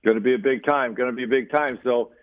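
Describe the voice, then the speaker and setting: A man's voice: mid-range voice, fairly even intonation, fast, no room sound. Teasing man on a tinny phone line. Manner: teasing, easygoing. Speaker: golf coach and co-host. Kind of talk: casual radio chat.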